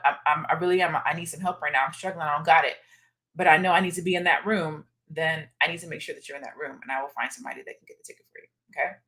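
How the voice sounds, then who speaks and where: A woman hosting a live stream in a chatty, direct way, talking straight to her viewers and answering their comments. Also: fairly low pitch. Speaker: host of a live stream about a women's retreat.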